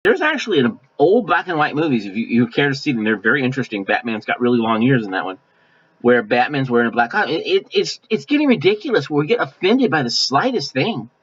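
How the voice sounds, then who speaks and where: A man's voice: medium pitch, big pitch swings, fairly bright tone, slightly rough. Folksy preacher man, lo-fi sound. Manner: folksy and conversational, mimicking offended people in quick asides. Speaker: pastor. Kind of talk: sermon. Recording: dull lo-fi sound.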